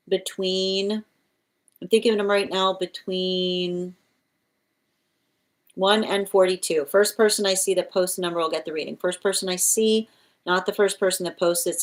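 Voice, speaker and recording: A woman giving live-streamed tarot readings, chatty and quick to laugh, cooing at her cat between readings at home. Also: on the low side. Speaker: tarot reader.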